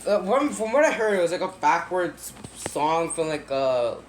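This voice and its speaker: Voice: mid-range voice, big pitch swings, normal speed. Rambling, hesitant storyteller over faint hiss. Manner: hesitant, many fillers and restarts, wry asides. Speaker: commentator retelling a creepypasta. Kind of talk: casual, rambling retelling.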